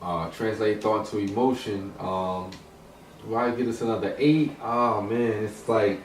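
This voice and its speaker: A man's voice: on the low side, fairly even intonation, unhurried. Rambling man, distant echoey mic. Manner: rambling, many restarts and fillers. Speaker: hip hop discussion panelist. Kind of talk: casual discussion. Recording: roomy echo, distant mic, some noise.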